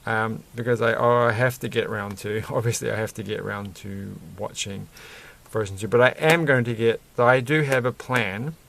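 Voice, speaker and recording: A man's voice: lowish voice, fairly even intonation, moderate pace, vocal fry, few pauses, fairly bright tone, slight background noise. A man chatting casually and rambling while he builds a toy set, chuckling often and breaking off mid-sentence. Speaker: vlogger building Lego sets.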